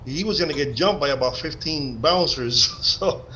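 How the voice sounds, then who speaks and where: A man's voice: on the high side, animated, normal speed, pushed and bright, a little hiss or hum. A man from Cuba with a Cuban Spanish accent, chatting casually on a video call and telling stories from his own life. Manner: anecdotal storyteller. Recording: dull, lo-fi call audio.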